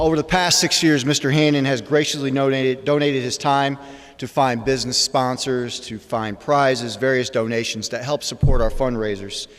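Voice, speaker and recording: A middle-aged man, a school principal, presenting awards in a plain, businesslike way at a graduation. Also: medium pitch. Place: school graduation ceremony hall. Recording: echoey hall, faint noise.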